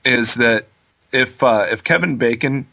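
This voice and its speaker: A man chats casually over a video call, his voice sitting at an ordinary middle pitch. He tells stories with dry, joking humor, laughing along as he goes. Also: unhurried, gravelly, sharp tone. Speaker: guest calling in from abroad. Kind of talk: casual chat.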